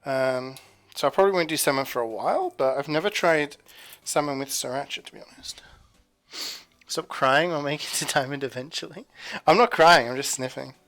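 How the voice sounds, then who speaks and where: A man's voice: medium pitch, a little fast, fairly bright tone. A man streaming from his home kitchen, rambling casually to his chat as he cooks. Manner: rambling, chatty, talking to chat while cooking.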